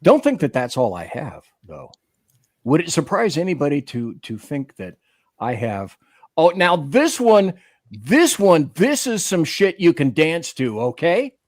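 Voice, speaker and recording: A man's voice: a little high, huge pitch swings, unhurried. Guy hosting a radio show, joking around, voice bouncing up and down. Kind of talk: casual chat.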